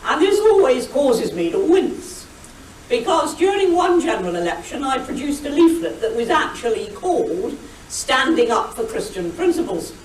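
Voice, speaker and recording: Older lady telling funny stories at a meeting, high voice that swoops around, far off in an echoey hall. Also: very animated. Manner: brisk, witty storyteller, mimics shouted quotes. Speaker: guest speaker. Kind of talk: anecdotal after-dinner talk. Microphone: recorded over a video call. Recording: echoey hall, distant, faint hiss, over video call.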